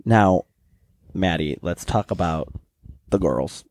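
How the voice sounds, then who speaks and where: A young man co-hosting a podcast in casual chat, animated and quick to mimic other people in high voices. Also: no echo. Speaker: podcast co-host.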